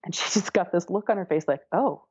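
A woman's voice: fairly low pitch, quick pace, husky, no room sound, muffled recording. A woman telling a personal story in an interview, candid and wry, often laughing as she talks. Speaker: interview guest.

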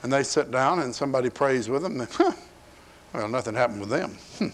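A man's voice: mid-range voice, animated, brisk. A man preaching a sermon in a folksy, conversational way, acting out scripture in his own words. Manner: folksy, acts out biblical quotes in paraphrase. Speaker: pastor. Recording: 1980s archival sermon tape.

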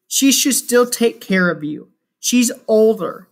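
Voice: mid-range voice, lively intonation, slow pace. Brief: reader doing an overprotective storybook mom, teary and stern, insistent, scolding. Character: anxious overprotective mother, tearful and stern.

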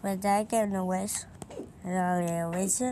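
A woman's voice: on the low side, steady tone, moderate pace, warm tone, slight background noise. A woman giving casual, rambling commentary while playing a video game, often confused by what happens on screen. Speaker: gamer.

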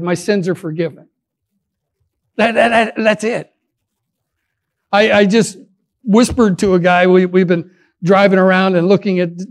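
A middle-aged pastor with a high voice and darkish tone preaches a sermon. He is earnest and conversational, frequently restarting his words.

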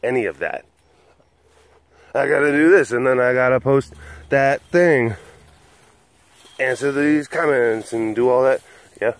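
Slow, rambling middle-aged man vlogging. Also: medium pitch. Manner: slow, rambling, hesitant with many fillers. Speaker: big cat sanctuary vlogger. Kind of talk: casual vlog monologue.

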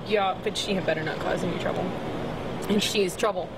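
A woman's voice: lowish voice, steady tone, a little fast, lightly acted. Woman playing a curt suspicious wife. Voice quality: curt, cold. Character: suspicious, sharp-tongued wife. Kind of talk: film acting. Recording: loud street noise, passing vehicles.

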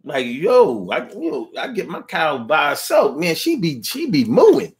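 A man's voice: on the high side, huge pitch swings, measured pace. A man delivering a playful, slangy, rambling comedic monologue, at times mooing like a cow.

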